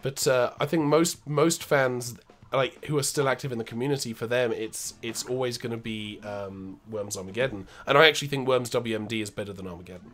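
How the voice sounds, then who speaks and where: A man's voice: mid-range voice, a little fast, a bit bright. A man co-hosting a retro video game show, casually commenting while he plays, rambling and knowledgeable. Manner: rambling, knowledgeable, many restarts. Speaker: co-host playing retro games.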